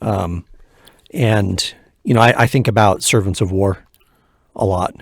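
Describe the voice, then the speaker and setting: Low voiced cali guy cohosting, lots of yeah and mm-hmm, easygoing stories, dry mic. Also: a little slow, vocal fry, dry recording. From California. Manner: brief agreeing interjections, relaxed storytelling. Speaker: podcast co-host. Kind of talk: casual chat.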